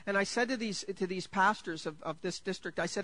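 A man preaching a sermon in a bright, high register, dry and close with hardly any room sound. He jokes at his own expense, trips over restarts, and climbs into excited bursts of enthusiasm. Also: a little fast, hardly any pauses, dry recording, rough recording. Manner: jokey, enthusiastic preaching that builds to excited peaks; self-deprecating, with stammered restarts. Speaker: pastor.

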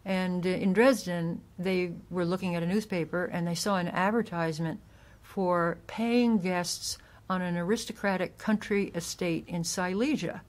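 This author guest, a woman whose voice sits fairly low, talks at a moderate pace and keeps her intonation fairly level during a casual interview. Her historical explanations run long, and she sometimes restarts sentences midway.

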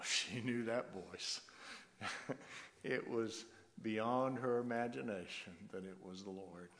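A man preaches from the pulpit in a fairly low voice, building his points in rhythmic, emphatic repetitions and breaking into soft chuckles. The sanctuary adds a long reverb that hangs after each phrase. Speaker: pastor. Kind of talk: sermon. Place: church sanctuary.

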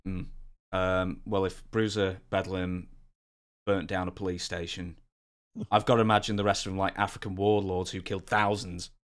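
A man's voice: deep voice, little pitch movement, moderate pace. A man hosting a casual interview, asking joking questions and laughing often. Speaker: interview host.

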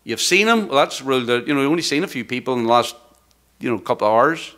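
A man, the church's pastor, preaching a sermon, rising loud when he reads scripture and dropping to quiet, hushed words. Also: mid-range voice, lively intonation, fast talker. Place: church sanctuary.

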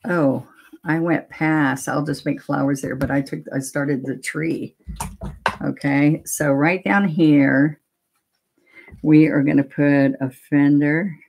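Slow, low-voiced woman teaching painting. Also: fairly even intonation, gravelly, a little mellow, slightly rough. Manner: chatty step-by-step explaining. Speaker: painting instructor. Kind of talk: live painting demonstration.

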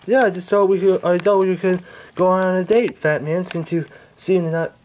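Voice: medium pitch, little pitch movement, darkish tone, slight background noise, voice pushed up, natural voice. A performer voicing a bearded man pretending to be a woman, speaking hesitantly with many ums. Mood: awkward. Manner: hesitant, halting, full of ums. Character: bearded man posing as a lady, nervous.

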